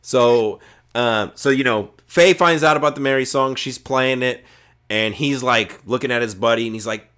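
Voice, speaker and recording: A man's voice: mid-range voice, normal speed, a bit bright, clear, resonant tone. A man co-hosting a podcast, retelling movie scenes in a rambling, profane, casual way with lots of filler words. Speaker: podcast co-host. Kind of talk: casual movie review chat.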